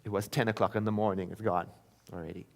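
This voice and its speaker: A man from South Africa giving a sermon in a church, telling a personal story in a conversational way and slowing into soft, chanted affirmations. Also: fairly low pitch, steady tone, vocal fry. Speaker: minister. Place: church sanctuary.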